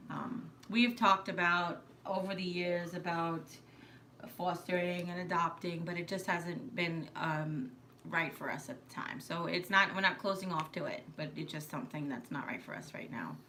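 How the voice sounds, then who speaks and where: A woman's voice: fairly low pitch, normal speed, pushed and bright, slight background noise. A middle-aged woman from New York hosting a casual live stream, chatty and rambling, laughing often. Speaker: live stream host, mother.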